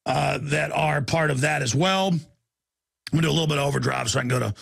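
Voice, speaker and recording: A male talk radio host delivering a fiery monologue, ranting and yelling insults in bursts, then rattling off a rapid sales pitch before taking callers. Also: gravelly, breathy edge.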